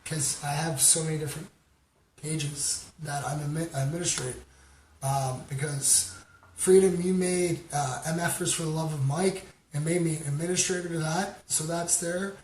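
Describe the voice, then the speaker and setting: This Canadian livestream host chats nonstop and wanders from topic to topic, pausing to greet viewers by name and leaning heavily on "um." His voice is on the high side, and the roomy recording carries a constant hum of noise.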